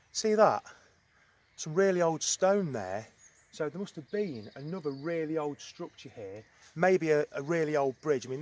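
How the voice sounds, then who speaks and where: A man's voice: medium pitch, a little hiss or hum. A man, chatting and rambling with curiosity as he walks outdoors filming a local history tour. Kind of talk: casual walking tour narration. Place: outdoors on a woodland trail and in caves.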